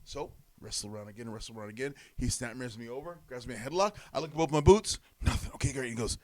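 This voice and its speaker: Casting: man, a wrestling guest on a podcast, a lively storyteller. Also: medium pitch, quick pace, few pauses. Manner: animated storyteller, acts out quotes. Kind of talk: storytelling interview.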